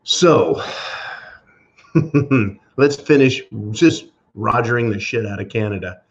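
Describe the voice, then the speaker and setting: A man's voice: fairly low pitch, expressive, slow, highs cut off. A man hosting a podcast, delivering a sarcastic, profane solo commentary rant. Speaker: podcast host.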